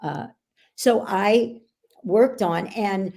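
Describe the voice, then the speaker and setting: A woman speaking as a podcast guest, telling her stories in an animated way and laughing often. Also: mid-range voice, drawn-out words, gravelly. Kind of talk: casual podcast conversation.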